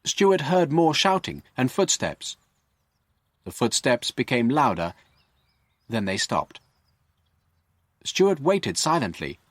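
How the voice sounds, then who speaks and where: A male storyteller reads a simple story for English learners. His delivery is very slow and carefully clear, and his pitch moves a lot to bring the story to life. The recording is dry and close. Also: no room sound. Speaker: narrator. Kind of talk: graded-reader story narration for English learners.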